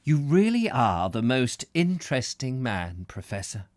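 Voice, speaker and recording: A man's voice: mid-range voice, sing-song, unhurried, no echo. A man voicing an elderly country woman who talks emphatically and with breathless admiration. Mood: dreamy.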